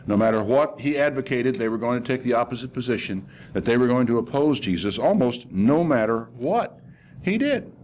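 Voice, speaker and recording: A man's voice: medium pitch, expressive, moderate pace, darkish tone, a little hiss or hum. An older man preaching a sermon, telling a scripture story in a conversational way and acting out the quoted voices with animation.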